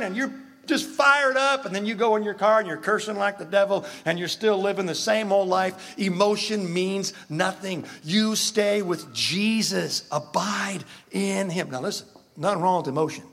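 A male pastor preaching a sermon, emphatic and animated, swinging from loud, excited exhortation to quiet asides. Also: sits high, moderate pace.

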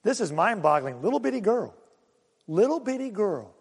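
A male pastor preaching a sermon, swinging between loud calls and quiet low asides. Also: sing-song, normal speed, creaky, slightly rough, big-room sound.

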